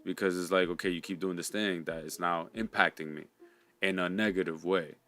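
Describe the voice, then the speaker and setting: Deep-voiced man, thoughtful and halting. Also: fairly even intonation, a bit bright. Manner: thoughtful, halting, many restarts. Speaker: co-host. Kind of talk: reflective podcast conversation.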